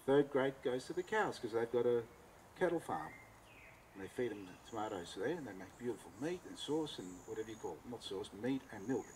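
Animated Australian man telling a story. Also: medium pitch, fairly quick, a little hiss or hum, low-quality recording. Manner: animated, acts out both sides of dialogue. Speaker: cooking teacher giving a talk. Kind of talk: anecdotal storytelling talk.

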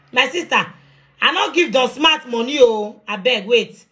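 Nigerian woman, young adult, heated live rant, high and bright, confrontational, phone mic. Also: animated, takes it slowly. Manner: confrontational, defiant, shouting at times. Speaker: live-stream host.

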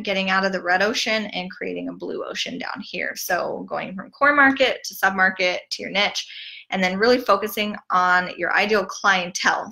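A woman giving a casual online marketing training, chatty and full of "like" and "um", who mimics gushing sales messages with big jumps in pitch. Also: creaky, bright, forceful tone. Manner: chatty, peppered with "like" and "um". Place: streaming from home over the internet.

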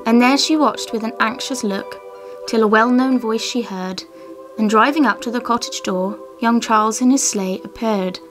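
A woman, co-host of a craft and history show, reciting an old poem in a measured way and then narrating its history. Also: a little high, soft background music.

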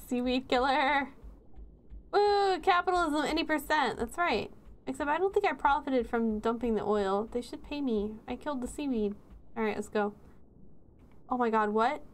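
A woman's voice: on the high side, animated, moderate pace. A woman streaming a horror game, chatting with sarcastic jokes and giggles as she plays. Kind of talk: live game commentary.

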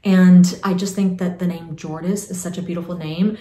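A woman's voice: on the low side, fairly even intonation, normal speed, dark tone. Middle-aged woman vlogger, casual and rambling, recorded in a roomy, echoey space. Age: 40s. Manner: chatty, rambling, with many fillers and restarts. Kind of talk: casual Q&A vlog.

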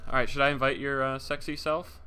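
A man's voice: medium pitch, level tone, fast talker, a loud crowd. A young man streaming a game, chatting casually, joking around and thanking viewers. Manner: goofy, jokey, thanks viewers. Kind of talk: casual livestream chat.

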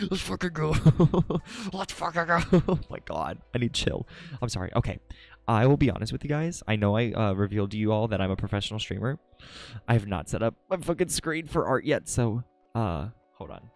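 Young streamer dude, early 20s, giggles and cusses nonstop, voice bounces way up and down, bit of gravel, faint music behind. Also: male voice. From California. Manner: giggly, swears a lot, swings into high squeals. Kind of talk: casual live-stream chat with viewers. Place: home at night.

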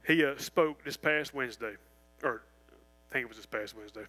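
A man preaching a sermon in a church, animated and folksy, full of restarts and asides. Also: mid-range voice, a little fast, rough recording. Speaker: pastor. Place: church sanctuary.

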